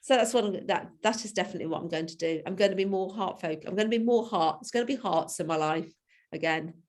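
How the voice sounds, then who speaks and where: A woman's voice: on the low side, fast talker. Chatty woman who laughs a lot. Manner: chatty, laughs often, trails off and restarts. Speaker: coaching client. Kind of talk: reflective conversation.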